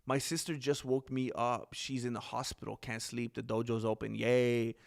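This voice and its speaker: A man's voice: medium pitch, flat delivery, moderate pace, vocal fry. A man hosting a livestream, rambling casually and talking straight to his viewers. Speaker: livestream host reading chat.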